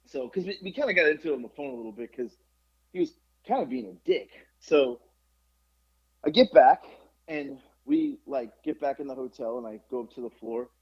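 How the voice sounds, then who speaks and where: A middle-aged man hosting a podcast, telling a story in casual chat, animated and profane with lots of fillers. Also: mid-range voice, normal speed, slightly rough. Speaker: podcast host. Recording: dull lo-fi podcast recording.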